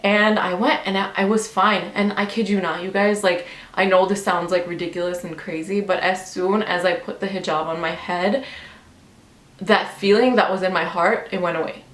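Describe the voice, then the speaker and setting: A woman's voice: fairly low pitch, fairly even intonation, moderate pace, fairly bright tone. Chatty young woman vlogging in an echoey bedroom. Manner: chatty, frequent "like" and "you know", talks straight to viewers. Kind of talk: casual personal storytelling. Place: bedroom at home.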